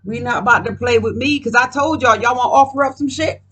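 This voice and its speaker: A woman's voice: a little high, fast, sharp tone, husky. A woman doing a casual card reading at home, talking in a profane, emphatic, rambling way. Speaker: card reader.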